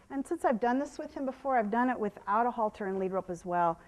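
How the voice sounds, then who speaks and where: A woman horse trainer giving a live demonstration, explaining to viewers and softly praising the horse, sometimes dropping to a hush. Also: on the high side, quick pace, few pauses. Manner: drops to a hushed whisper when calming the horse.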